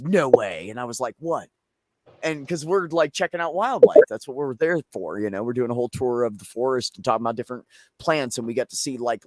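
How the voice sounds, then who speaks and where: A man's voice: mid-range voice, dry recording. A man from Pennsylvania telling a rambling, profane story in casual chat, acting out the people in it. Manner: loose, profane storytelling with animated quoted voices. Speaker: show co-host.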